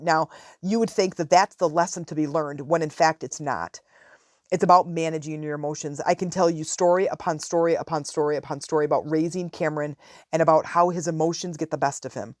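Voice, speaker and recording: A woman's voice: deep voice, no room sound, clean studio sound. A middle-aged woman hosting a podcast, chatting casually and telling stories with asides. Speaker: podcast host. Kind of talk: casual advice talk.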